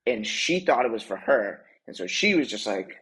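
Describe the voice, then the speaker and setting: A young man with a husky, slightly low voice co-hosts a casual podcast. He rambles through a story, corrects himself often and laughs at his own embarrassment. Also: very animated, normal speed, a bit bright, rough recording. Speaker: podcast co-host.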